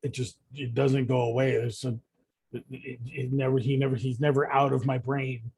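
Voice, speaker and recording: A man's voice: mid-range voice, flat delivery, gravelly, darkish tone, husky, no room sound. A man voicing a stammering, haunted cursed fighter. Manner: halting, stammering, pleading. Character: haunted, sleepless young man cursed by a demon.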